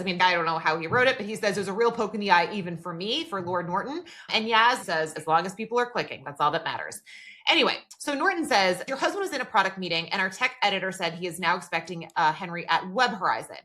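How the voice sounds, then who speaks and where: A woman co-hosting a podcast speaks fast in a mid-range voice with lively intonation and a pushed, bright quality. In casual chat she retells scenes and reads dialogue aloud, using "like" as filler again and again.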